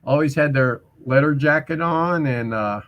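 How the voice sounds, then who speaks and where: A man's voice: on the high side, normal speed, dull audio. A man in his sixties, a musician and karaoke host, telling stories in a casual interview and acting out other people's voices as he goes. His talk is loose and chatty, full of restarts. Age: 60s. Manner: animated storyteller who acts out other people's voices.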